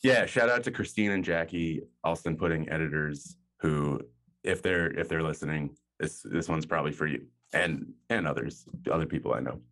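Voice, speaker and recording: A man with a very low, deep voice hosts his podcast from home in casual chat. He rambles and jokes at his own expense, a little tipsy. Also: normal speed, a bit bright. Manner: rambling, joking, self-mocking. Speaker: podcast host. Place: home, hot room without air conditioning.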